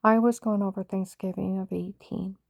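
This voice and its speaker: A woman's voice: medium pitch, flat delivery, moderate pace, gravelly, no room sound. An older woman giving an urgent, rambling personal account of her own experiences. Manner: intense, urgent storytelling. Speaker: vlogger telling her own story.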